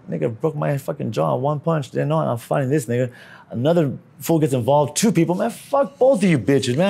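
A young man telling profane, animated stories in street slang during an interview. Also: a little high, gravelly. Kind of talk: casual storytelling.

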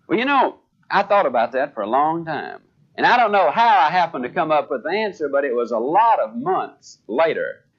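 An older man gives a motivational sales talk in a high, animated voice that swings widely in pitch. He acts out the people in his stories. The recording sounds dull and lo-fi. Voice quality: animated storyteller voicing dialogue. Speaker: sales trainer. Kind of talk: motivational speech.

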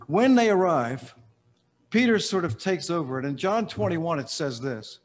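A man preaching a sermon as pastor, telling the story with dramatic pauses and letting phrases trail off softly. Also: on the high side, sing-song. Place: large church sanctuary. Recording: reverberant church hall.

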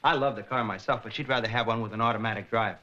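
A man's voice: medium pitch, steady tone, rapid-fire, bright, forceful tone, natural voice. A man in his thirties playing a wisecracking, flustered radio disc jockey in a 1960s sitcom. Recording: lo-fi 1960s TV audio, hiss.

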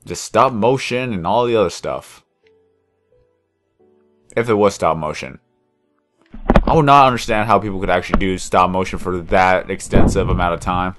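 A young man with a fairly low voice chats in a relaxed, rambling way while he plays a game, talking into a headset. Faint music plays under his voice. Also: moderate pace, long pauses. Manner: laid-back, rambling. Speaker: gaming channel host. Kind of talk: casual chat while playing a game.

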